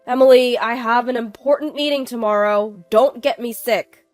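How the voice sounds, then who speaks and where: A woman's voice: a little high, expressive, moderate pace, dry recording, faint music behind, lightly acted. A woman voicing an arrogant, belittling middle-aged husband who talks in a curt, dismissive way.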